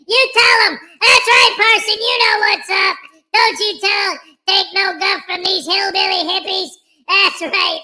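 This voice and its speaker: A man voicing a squeaky, boastful male auditor who brags about getting paid in a cocky, jive-talking way. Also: sharp tone, heavily acted. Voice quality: squeaky high voice. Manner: cocky jive-talking bragging, yelps in pain.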